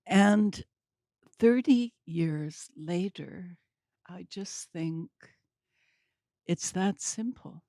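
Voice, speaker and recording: Older woman, low gravelly voice, mellow tone, unhurried wry storytelling, dry close sound. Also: no room sound. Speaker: speaker at a community talk. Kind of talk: storytelling talk.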